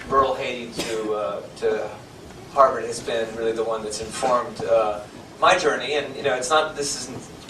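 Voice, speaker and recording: A man giving a self-deprecating, informal talk as a guest speaker, full of fillers and restarts. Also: mid-range voice. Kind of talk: informal lecture. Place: lecture hall. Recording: echoey hall from far off, noisy.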